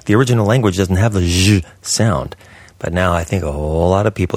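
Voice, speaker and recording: An American man in a casual monologue about pronunciation, repeating words slowly and sometimes dropping to a whisper to show a sound. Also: low-pitched, expressive, a little mellow, breathy edge, no echo. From United States. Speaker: speaker explaining pronunciation.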